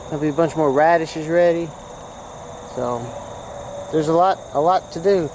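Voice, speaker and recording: A man's voice: a little high, measured pace, background noise. A man talks through his vegetable garden outdoors in a rambling, folksy, chatty way. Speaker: gardening vlogger. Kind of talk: casual walk-through commentary.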